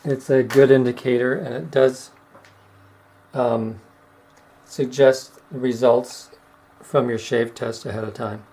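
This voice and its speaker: A middle-aged man giving casual step-by-step how-to narration while demonstrating razor honing, unhurried and plain-spoken. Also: medium pitch, steady tone, warm tone, low-quality recording. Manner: unhurried, explains step by step with fillers.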